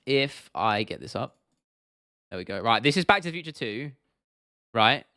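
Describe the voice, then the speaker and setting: A young man from the UK chats through a casual livestream Q&A in a blunt, slangy way, swearing freely and tripping into restarts. His voice is smooth and resonant, and the sound is close and dry, with no room around it. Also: medium pitch, sing-song, moderate pace, bright, forceful tone, dry recording. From United Kingdom. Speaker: livestream host.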